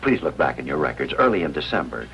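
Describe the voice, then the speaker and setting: A persistent hospital chaplain, extremely low and gravelly; lo-fi radio drama, music bed. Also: male voice, sing-song, fast, a bit bright, full character voice. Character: earnest male hospital chaplain, gentle, persistent. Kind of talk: 1950s radio drama acting. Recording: dull lo-fi old radio recording.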